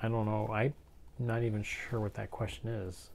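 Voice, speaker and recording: A man co-hosting a casual live craft stream, reading viewer comments aloud in a relaxed way. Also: lowish voice, normal speed, vocal fry.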